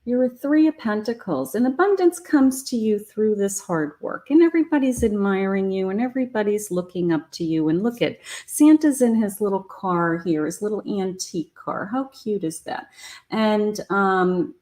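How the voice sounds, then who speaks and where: A woman's voice: mid-range voice, animated, normal speed, warm tone. A woman giving a live tarot reading, chatty and encouraging, talking straight to the viewer. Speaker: psychic tarot reader.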